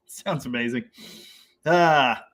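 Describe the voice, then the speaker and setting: A man's voice: mid-range voice, drawn-out words, fairly bright tone. A man hosting a casual live stream about cars, reading out viewer comments, laughing often and rambling with enthusiasm. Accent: Canadian.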